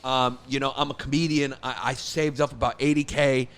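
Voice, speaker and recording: A man playing a timid young newlywed asking for a home loan, talking haltingly with many ums. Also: mid-range voice, level tone, fairly bright tone, natural voice. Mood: hesitant. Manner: hesitant, halting, full of ums. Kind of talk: improvised comedy role-play.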